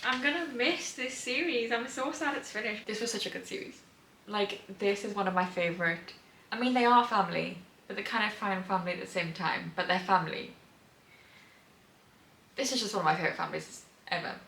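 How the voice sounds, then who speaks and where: Bright, chatty young woman in a roomy room. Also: mid-range voice, a little fast, vocal fry, slight background noise. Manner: chatty and gushing, many fillers, excitable outbursts. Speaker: book vlogger. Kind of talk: casual reading vlog chat. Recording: roomy sound from a distant mic.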